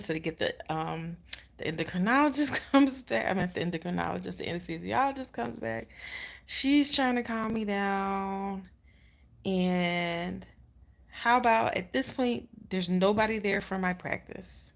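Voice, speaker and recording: A woman's voice: moderate pace, creaky. A woman in her thirties, casually telling a personal story on a vlog, full of "like" fillers and quoting others as she goes. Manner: chatty, many "like" fillers, acts out the nurse in quotes. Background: baby sleeping nearby, she lowers her voice.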